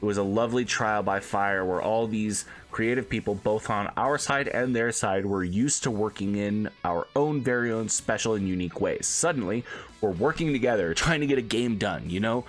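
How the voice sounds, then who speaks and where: A man's voice: fairly low pitch, moderate pace, faint music behind. A man streamer reading an article aloud, breaking off for casual asides and acting out quotes in put-on voices.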